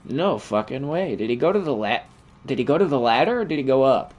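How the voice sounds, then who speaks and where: A man's voice: medium pitch, animated, a little fast, dull audio, slight background noise. A man giving profane, trash-talking commentary over his own gameplay as the channel host.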